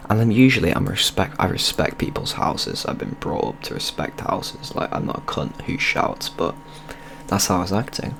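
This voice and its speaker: A man's voice: deep voice, vocal fry, slight background noise. A young man, telling a rambling, sweary story in casual vlog style over gameplay. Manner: rambling, sweary and loose, with many restarts. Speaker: video creator.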